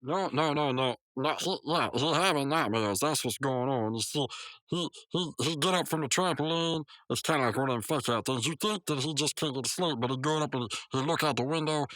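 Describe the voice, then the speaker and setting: A man co-hosting a podcast, casually recapping a cartoon episode in a slangy, animated way and acting out the characters' lines in voices. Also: on the high side, fairly quick, dry recording, rough recording. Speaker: podcast co-host.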